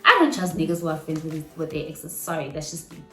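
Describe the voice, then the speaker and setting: A South African woman in her twenties telling a story from her own life in a chatty, animated vlog, mixing slang and local phrases into her talk. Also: sits low, fast. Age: 20s. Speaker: vlogger. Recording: roomy room with faint music behind.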